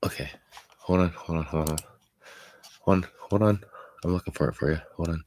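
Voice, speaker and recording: A man's voice: low-pitched, fairly quick, darkish tone. A man hosting a live chat, talking bluntly and profanely to hurt viewers, rambling with many restarts like a confiding friend. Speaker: livestream host.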